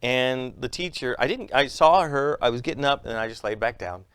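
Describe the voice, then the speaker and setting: A man's voice: medium pitch, moderate pace, clear, resonant tone, dry recording. A man, a comedian and magician, telling stories in an interview and acting out the voices of the people in them. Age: adult with a young son. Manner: lively storyteller acting out quotes in raised voices. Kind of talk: animated interview storytelling.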